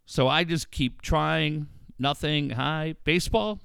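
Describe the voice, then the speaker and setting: A man's voice: on the high side, takes it slowly, vocal fry, clean tone, dry recording. A middle-aged man telling a story in casual, profane podcast talk, acting out the voices of the people in it. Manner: profane, animated storyteller who acts out voices.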